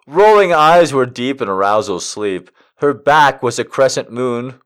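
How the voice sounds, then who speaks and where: A man's voice: mid-range voice, animated, slow, fairly bright tone. A man reading erotic poems aloud for comedy, breaking off to laugh and make incredulous asides. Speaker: comedic reader.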